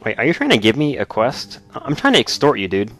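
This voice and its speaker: A man's voice: mid-range voice, wildly swooping pitch, quick pace, a bit bright, faint music behind. A man hosting a let's play, giving jokey, sarcastic commentary while he plays. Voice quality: jokey, sarcastic, laughs often. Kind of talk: joking gameplay commentary.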